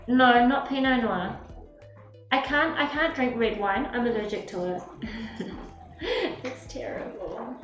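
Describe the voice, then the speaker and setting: A woman's voice: on the high side, recorded from a distance. A young woman streaming live, chatting casually and rambling as she reads drink recipes aloud to her viewers. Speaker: livestreamer. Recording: roomy echo, off-mic, faint music.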